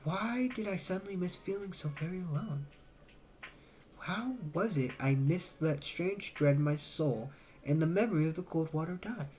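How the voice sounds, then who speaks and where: A woman reading a novel aloud as a narrator, telling the story with lively shifts and voiced dialogue. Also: lowish voice, normal speed, slight background noise. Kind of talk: audiobook-style reading.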